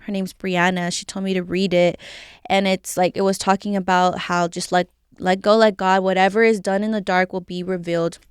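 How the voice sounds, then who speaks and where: Candid woman with a very smooth voice. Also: medium pitch, no room sound, clean studio sound. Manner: candid and emotional, heavy use of "like" fillers. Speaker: podcast guest sharing her faith testimony. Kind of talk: casual personal testimony.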